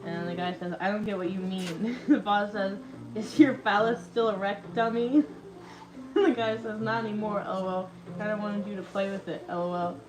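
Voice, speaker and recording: A woman's voice: mid-range voice, fairly even intonation, moderate pace, music in the background. A woman hosting a show, retelling a funny story in casual chat and laughing often as she goes. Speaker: podcast host. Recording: echoey room with loud background noise.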